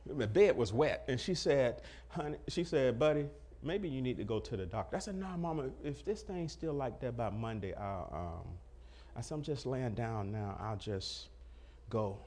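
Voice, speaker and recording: A man's voice: mid-range voice, expressive, moderate pace, a little mellow, slight background noise. A middle-aged man preaching a testimony sermon, acting out the dialogue and breaking into laughter as he tells it. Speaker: pastor.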